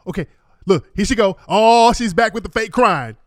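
A man's voice: high voice, animated, normal speed, dry recording, studio quality. A man giving indignant, profane, mocking commentary while reacting to court video. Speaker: online commentator.

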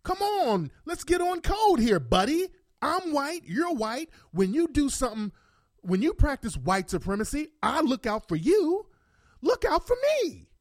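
A woman's voice: high voice, very animated, a little slow, darkish tone, dry recording, clean studio sound, pitched above the performer's own voice. A man voicing a tearful, entitled woman who pleads and whines for special treatment. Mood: pleading. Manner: whiny, wheedling.

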